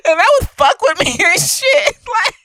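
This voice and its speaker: A woman's voice: very high voice, big pitch swings, a little slow, sharp tone, no echo. A young woman giving a casual, slightly tipsy film review, profane and emphatic, laughing often.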